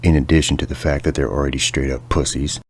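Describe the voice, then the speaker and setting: A man's voice: extremely low pitch, fairly even intonation, fast, breathy edge, no echo, studio quality. A young man hosting a podcast, ranting sarcastically with lots of swearing in a casual comedic monologue. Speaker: podcast host.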